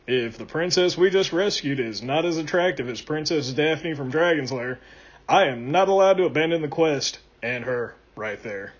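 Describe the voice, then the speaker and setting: Deadpan man reading a comic list. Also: dull audio. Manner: deadpan, dropping low at each punchline. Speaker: list reader.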